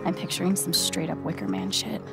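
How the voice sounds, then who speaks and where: A woman's voice: lowish voice, sing-song, brisk, creaky, over music. An actress playing a wry, sarcastic young woman, the heroine of a video game. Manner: dry, sarcastic.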